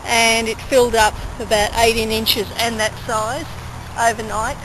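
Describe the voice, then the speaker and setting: Woman, Australian accent, practical explaining, slightly high voice, outdoors, noisy background. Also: level tone, a little slow. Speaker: host's friend. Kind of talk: casual chat. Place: outdoors in a large garden. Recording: outdoor camcorder audio with clear background noise.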